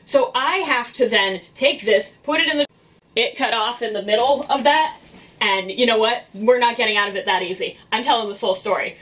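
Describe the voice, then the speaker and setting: A woman's voice: a little high, fairly quick, fairly bright tone, recorded from a distance. A young woman, a vlogger who works in public cleaning, venting about her job in a blunt, exasperated and profane way. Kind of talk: venting storytime vlog.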